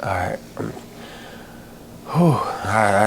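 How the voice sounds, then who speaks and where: A man hosting a podcast, telling a heartfelt personal story in a halting way, with many pauses and fillers, holding back tears. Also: lowish voice, steady tone, a little hiss or hum. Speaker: podcast host.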